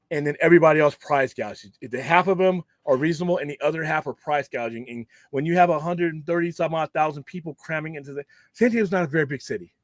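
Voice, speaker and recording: A man's voice: on the high side, a bit bright, no echo, studio quality. A man from Southern California hosting a casual live stream, talking in a rambling, jokey way with plenty of swearing and restarts. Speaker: streamer host.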